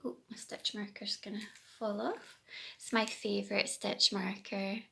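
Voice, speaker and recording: A woman's voice: mid-range voice, level tone, measured pace, gravelly, pushed and bright. A Scottish woman chatting casually to her phone camera as a knitting podcast host, rambling and correcting herself as she goes. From Scotland.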